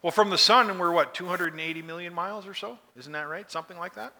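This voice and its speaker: A man's voice: high-pitched, fast, pushed and bright, big-room sound. A man preaching a sermon in a folksy, conversational way, often asking his listeners questions. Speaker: pastor.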